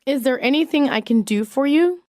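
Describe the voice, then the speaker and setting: A woman reading business English sentences aloud in a measured, clearly enunciated way. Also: high voice, expressive, mellow, dry recording, clean studio sound. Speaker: English phrase reader. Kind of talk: slow read-aloud example sentences.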